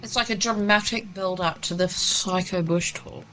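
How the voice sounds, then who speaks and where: A woman's voice: lowish voice, steady tone, normal speed, fairly bright tone, faint music behind. A woman co-hosting a podcast in casual chat, brash and teasing, swearing freely. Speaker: podcast co-host.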